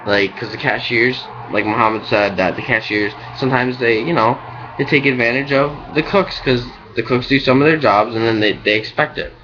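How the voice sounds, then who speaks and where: A young man talks straight into his webcam, venting about his day in a loose, rambling, frustrated way. His voice sits at an ordinary middle pitch. The webcam mic leaves the sound dull and lo-fi. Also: moderate pace, noisy background. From United States. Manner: rambling, frustrated, heavy on "like" and "you know". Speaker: restaurant cook.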